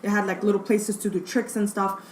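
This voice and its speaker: A woman from Brooklyn with a strong New York accent, telling stories as a guest in a casual group chat. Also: a little fast. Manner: animated storyteller, quotes people in a higher voice. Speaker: guest sneaker collector. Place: sneaker store. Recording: echoey room with loud background noise.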